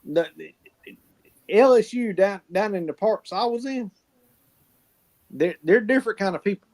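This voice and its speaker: A man's voice: high voice, lively intonation, a little slow, a little mellow. A man telling folksy stories in casual chat, swearing freely and laughing often. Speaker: podcast co-host.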